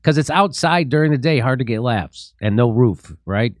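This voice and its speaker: A man's voice: medium pitch, lively intonation, normal speed, no room sound, clean studio sound. A man hosting a talk show, chatting casually with a guest in a wry, joking way. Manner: wry, joking, chuckles at own lines. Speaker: show host and comedian. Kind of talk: casual political chat.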